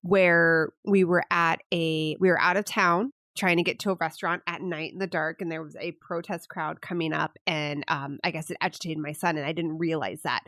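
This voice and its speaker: A mother co-hosting a casual parenting podcast, chatty and quick to laugh. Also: deep voice, steady tone, a bit bright, no echo, studio quality. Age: adult mother. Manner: chatty, laughs easily, rambling. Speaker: podcast co-host.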